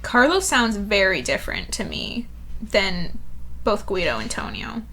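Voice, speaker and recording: A woman co-hosting a casual book podcast, excitable and quick to laugh, swearing freely as she gushes about what she read. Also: medium pitch. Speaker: podcast co-host. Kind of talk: casual book-club chat.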